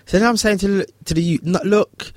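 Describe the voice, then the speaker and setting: A man's voice: fast, no echo, clean studio sound. A man, a barber telling a story in casual chat and acting out the voices of the people in it. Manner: animated, acts out voices in high pitch.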